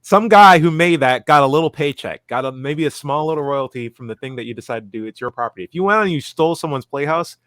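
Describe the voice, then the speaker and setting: A man on a comedic panel show, chatting casually and slipping into quick mocking voices. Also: a little high, expressive, fairly bright tone, no echo. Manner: jokey, does quick mocking voices in quotes. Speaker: podcast panelist.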